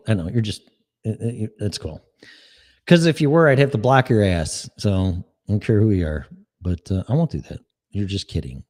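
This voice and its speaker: A man with a low, mellow voice who hosts his own show and rambles sarcastically, swearing as he goes. His words ring with a long reverb. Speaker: podcast host. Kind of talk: casual monologue reading chat.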